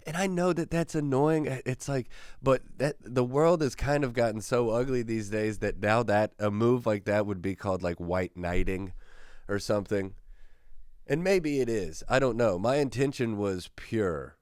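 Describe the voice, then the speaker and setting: A man with a lowish, smooth, resonant voice tells a long rambling story in a casual monologue. He mocks himself and gets worked up as he goes. The sound is close and dry. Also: normal speed, darkish tone, dry recording. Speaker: podcast host.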